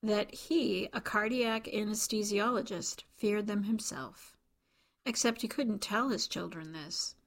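A woman volunteer reading a novel aloud for a radio reading service, calm and measured, voicing the dialogue. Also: mid-range voice. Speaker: volunteer reader.

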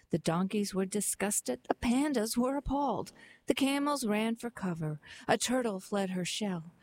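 A woman volunteer reader reciting poems in a measured, expressive way. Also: mid-range voice. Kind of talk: reading poetry aloud.

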